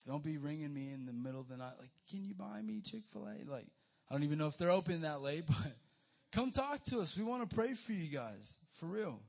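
A young man giving a youth sermon, energetic and casual, calling his listeners guys and dude. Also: a little high, brisk. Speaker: youth pastor.

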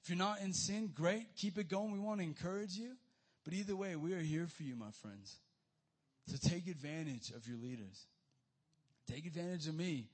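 Energetic young man preaching to youth. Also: on the high side, moderate pace. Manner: energetic, casual, addresses listeners as guys and dude. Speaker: youth pastor. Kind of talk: youth sermon.

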